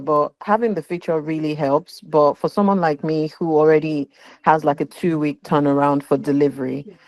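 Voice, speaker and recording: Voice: medium pitch, darkish tone, no echo, rough recording. A business owner on a video call, asking a hesitant question about payments and delivery. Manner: hesitant, thinking aloud. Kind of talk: webinar Q&A question.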